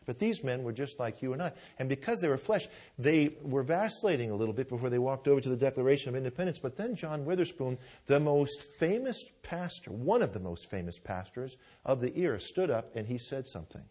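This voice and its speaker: Man, preacher, sermon in a church, mid-pitched voice, fervent, conversational, asks for amens. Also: lively intonation, a little fast, few pauses, warm tone. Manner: fervent, asks the congregation "Amen?" for a response; conversational storytelling, with repeated words and restarts. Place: church with pews.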